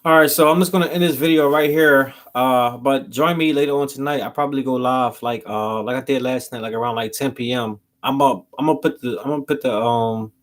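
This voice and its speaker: A man's voice: medium pitch, fairly quick, hardly any pauses. A man, rambling through a story to his channel in loose, slangy talk. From Philadelphia. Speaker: vlogger. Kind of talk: casual storytelling to camera.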